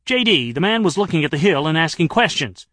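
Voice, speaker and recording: A man's voice: on the high side, big pitch swings, a little fast, pushed and bright, no echo, clean studio sound, pitched above the performer's own voice, heavily acted. A man voicing a suspicious, self-important heavyset security guard who talks in a sullen, stubborn way. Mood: aggrieved.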